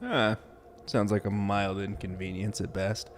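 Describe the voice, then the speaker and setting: A man's voice: on the low side, steady tone, unhurried, slight background noise. A man co-hosting a podcast, reading campfire stories aloud and joking around in a laid-back way with some swearing. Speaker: podcast co-host.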